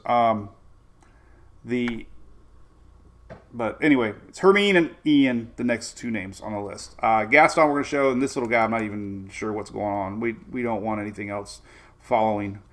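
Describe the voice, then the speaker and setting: A man's voice: medium pitch, normal speed. A middle-aged man hosting a casual weather livestream, rambling energetically and greeting viewers by name.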